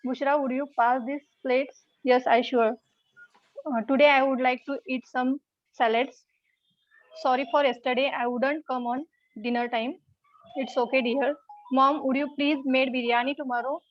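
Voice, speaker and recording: High-voiced female student, dull call. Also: steady tone, no room sound. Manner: hesitant, halting. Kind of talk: reciting a prepared dialogue. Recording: dull dry call audio.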